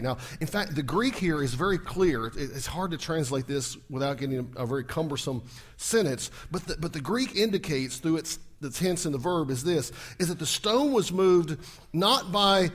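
A male pastor preaching a sermon, telling the story vividly, acting out scenes and checking in with the congregation through rhetorical questions. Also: a little high. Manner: acts out scenes, shouting at peaks.

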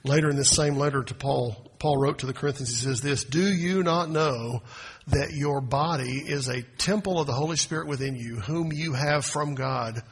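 A man preaching a sermon as pastor, swinging from quiet asides to loud, emphatic proclamations. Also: mid-range voice, husky. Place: church sanctuary. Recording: long hall reverb.

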